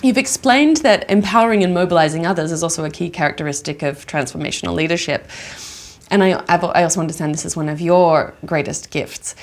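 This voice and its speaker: A woman interviewing a guest, asking prepared questions in a measured, composed way. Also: fairly low pitch.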